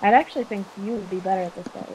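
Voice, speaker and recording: A woman's voice: mid-range voice, very fast, a little mellow, lo-fi sound, a little hiss or hum. Teasing woman on gaming voice chat. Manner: teasing, swears when annoyed. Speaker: let's play co-host.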